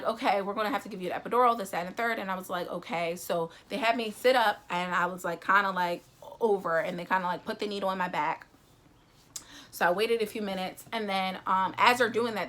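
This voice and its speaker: Young woman vlogger, bright voice, animated storytelling, acts out everyone's lines. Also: mid-range voice. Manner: animated, acts out quotes, many fillers. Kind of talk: personal storytelling.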